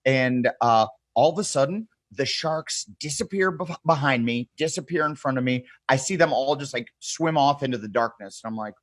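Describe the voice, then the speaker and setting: A man's voice: medium pitch, moderate pace, few pauses, no room sound. Guy on a podcast telling a crazy story, laughing a lot, swearing, doing everyone's lines, dry room. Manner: animated storyteller, acts out quotes, swears freely, laughs often. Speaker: podcast guest. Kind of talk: casual storytelling chat.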